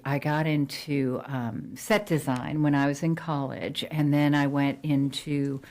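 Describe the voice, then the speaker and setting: Low-pitched middle-aged lady from new jersey chatting about her life, lots of ums and restarts. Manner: chatty, frequent fillers and restarts. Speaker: real estate agent. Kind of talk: casual interview chat.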